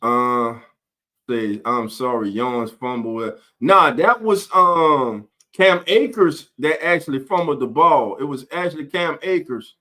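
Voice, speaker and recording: A man's voice: medium pitch, takes it slowly, sharp tone. A man hosting a casual live-stream sports talk show, greeting viewers in chat by name.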